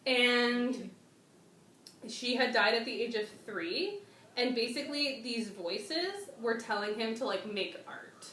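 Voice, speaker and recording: A woman hosting a casual chat with a guest, slangy and excitable, often trailing off and restarting. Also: on the high side, slow pace, far from the mic. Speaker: channel host. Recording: echoey room, off-mic, faint noise.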